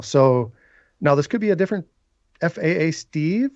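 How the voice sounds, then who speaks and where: A man's voice: a little high, animated, normal speed, long pauses, darkish tone, no echo, highs cut off. A man from North Dakota with a North Dakota accent, chatting casually as a guest and telling a rambling story full of asides. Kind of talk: casual chat.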